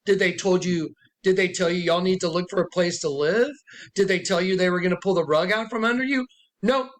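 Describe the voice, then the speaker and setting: His voice sits high, with a fairly bright tone and a brisk delivery. Addressing the camera, the self-styled prophet rambles emphatically through his account of a dispute, repeating himself and loudly acting out what others told him.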